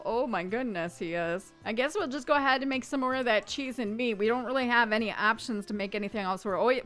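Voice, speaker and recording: A woman with a bright, smooth voice talks through her life-sim gameplay in a casual, chatty way. She narrates what her characters do and slips into playful voices for them, over faint background music. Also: mid-range voice. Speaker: gaming YouTuber.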